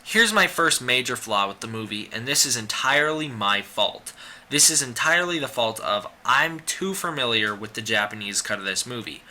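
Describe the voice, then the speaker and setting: A man's voice: medium pitch, lively intonation, moderate pace, sharp tone. A young man giving a casual spoken movie review, rambling with frequent restarts and fillers.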